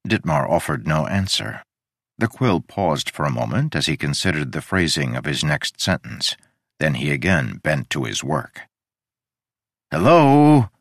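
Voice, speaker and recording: A man with a very deep, low voice narrating an audiobook. His delivery is expressive and dramatic, with a lively pitch that rises and falls. The recording is close and dry. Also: moderate pace, vocal fry, husky, dry recording. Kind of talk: scripted narration.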